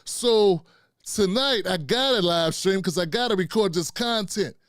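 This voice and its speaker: Speaking a little slowly in a high, slightly bright voice, this middle-aged man hosts a relaxed live stream. He chats with viewers and his producer, sprinkling in "man" and "fam," and the studio-quality audio has no room sound.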